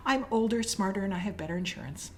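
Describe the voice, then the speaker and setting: A woman's voice: mid-range voice, expressive, fast, a little hiss or hum, natural voice. A woman mimicking a fed-up older woman who is standing up for herself in a retold film scene. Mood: defiant.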